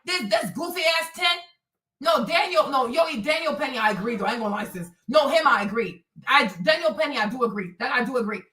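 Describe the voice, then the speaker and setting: A woman hosting a livestream, delivering a heated commentary rant that is animated and profane, with phrases repeated for emphasis. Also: sits high, fast, far from the mic. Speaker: livestream host. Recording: roomy and off-mic.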